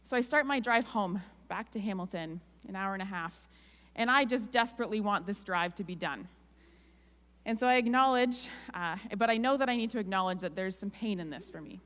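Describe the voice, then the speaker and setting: A woman's voice: medium pitch, fairly quick, a bit bright. Woman speaker, Canadian accent, candid and heartfelt sermon storytelling, long hall echo. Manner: candid, emotional, conversational with "like" asides. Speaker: guest speaker. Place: church hall.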